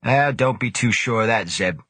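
A man's voice: mid-range voice, moderate pace, fairly bright tone, dry recording, voice pushed up, natural voice. A man voicing a jovial male chef who fixes things for everyone, hearty and friendly. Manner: hearty, back-slapping.

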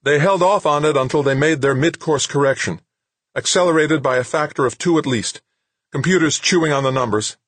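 A man's voice: on the high side, fairly quick, fairly bright tone, no room sound, voice pushed up. A man reading an audiobook, voicing an alarmed female communications technician in clipped, urgent reports.

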